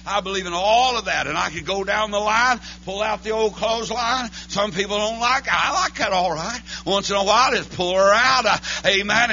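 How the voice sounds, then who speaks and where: A man preaching a holiness church sermon, chanting his lines between breathy "uh, amen" beats. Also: high voice, brisk, hardly any pauses, pushed and bright, low-quality recording. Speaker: pastor. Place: church sanctuary.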